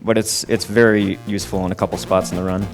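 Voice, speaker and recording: A man's voice: sits low, little pitch movement, quick pace, soft background music. A man casually explaining the tricks of a speedrun live, with many "um" fillers. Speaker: game commentator.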